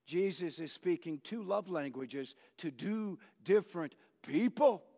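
A man preaching a sermon as pastor, in an unhurried storytelling manner that works in jokes. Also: high voice, expressive, mellow, slightly rough. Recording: dull lo-fi church recording with long reverb.

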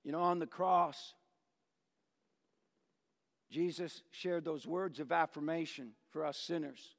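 A male pastor preaches slowly and deliberately in a gravelly, fairly high voice. His delivery swings between loud emphasis and hushed near-whispers. A long church reverb hangs after each phrase. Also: steady tone. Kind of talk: sermon with storytelling.

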